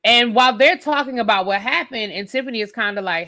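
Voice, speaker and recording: A woman's voice: on the high side, quick pace, few pauses, pushed and bright. A woman hosting a live stream who reviews a TV episode in an opinionated, sassy rant and talks straight to her viewers.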